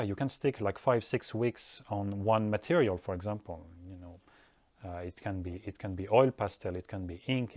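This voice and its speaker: A man's voice: on the low side, darkish tone, dry recording. Thoughtful male art teacher, dry close sound. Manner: thoughtful, unhurried, many restarts and acted-out quotes. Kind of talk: casual podcast-style talk.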